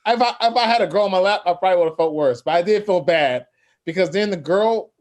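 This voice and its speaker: A man's voice: high-pitched, quick pace. Laughing man telling a comic story. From Cleveland. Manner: laughing, animated, acts out quoted voices. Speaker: comedian guest.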